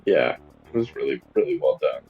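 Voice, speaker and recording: A man's voice: a bass voice, very animated, fairly quick, narrow, tinny audio, soft background music. A man co-hosting a podcast, chatting casually about a film in a rambling way with many fillers and restarts. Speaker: podcast co-host.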